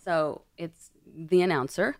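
Woman voiceover pro as podcast guest, easygoing, quick to laugh, lower register, close dry studio sound. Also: no echo. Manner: chatty, laughs often, drops into announcer reads. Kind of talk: casual chat. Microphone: studio mic.

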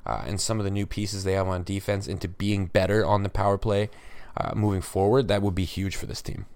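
A low-voiced man hosts his own sports podcast, ranting emphatically and tripping over restarts as he goes. The sound is dry and close, with no room around him. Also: level tone, brisk, a little mellow, clear, resonant tone, no room sound. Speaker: podcast host. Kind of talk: solo sports podcast commentary.

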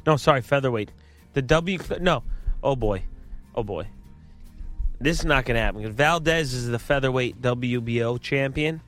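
A man's voice: medium pitch, moderate pace, a bit bright, faint music behind. A man co-hosting a boxing podcast in casual chat, listing facts and laughing along.

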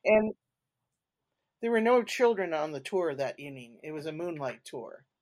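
Woman telling ghost stories in an unhurried way. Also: low voice, expressive, a little mellow. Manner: unhurried, with frequent fillers and restarts. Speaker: podcast guest, paranormal investigator. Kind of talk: casual interview storytelling.

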